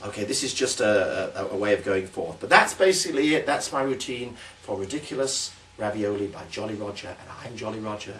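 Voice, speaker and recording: British male magician, animated showman delivery, slightly off-mic with faint hiss. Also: lowish voice, a little fast, few pauses, recorded from a distance. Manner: theatrical, exclamatory showman patter. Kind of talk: demonstrating a magic trick and its patter.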